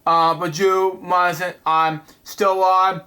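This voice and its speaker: A man reading the lines of a frightened stranger who has lost his memory and begs for help, in a plain, flat voice that stumbles now and then. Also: high-pitched, takes it slowly, full character voice. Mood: pleading.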